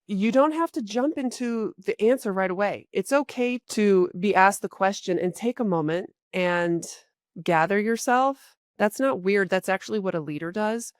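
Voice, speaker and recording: A woman career coach hosting a podcast, giving casual advice in a chatty way with many fillers and sudden jumps in pitch and volume. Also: moderate pace, no room sound, clean studio sound. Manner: animated, with big jumps in pitch and loudness; acts out short quoted exchanges.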